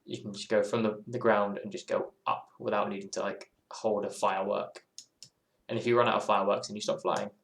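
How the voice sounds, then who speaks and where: A gaming streamer chats casually while playing, rambling and musing, interrupting himself and circling back on his own thoughts. His lowish voice barely moves in pitch, comes out brisk with vocal fry, and sounds reverberant.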